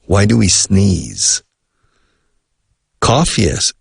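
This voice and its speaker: Husky deep-voiced man chatting on the radio. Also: very animated, extremely slow, dry recording, studio quality. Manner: chatty, mixes Spanish glosses, laughs often. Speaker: radio host and English teacher. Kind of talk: casual radio monologue.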